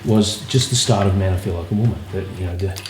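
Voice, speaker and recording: A man's voice: sits low, quick pace. Laid-back man telling stories. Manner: relaxed, anecdotal, many fillers. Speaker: guitarist. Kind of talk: casual interview storytelling. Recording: roomy echo, faint music.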